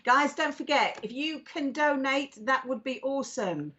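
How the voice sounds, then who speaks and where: A woman's voice: high voice, expressive, moderate pace, a bit bright. A British woman co-hosting a live psychic stream, bubbly and affectionate, greeting viewers with endearments. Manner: bubbly, affectionate, calls people darling. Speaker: psychic co-host. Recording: dull lo-fi stream audio.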